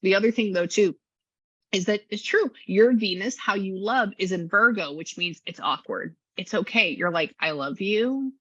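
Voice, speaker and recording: A woman psychic giving a casual reading, chatty and quick to act out what people say in lively voices. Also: medium pitch, slightly rough, no room sound. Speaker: psychic medium and astrology reader. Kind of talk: casual one-on-one reading session. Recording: dull lo-fi sound.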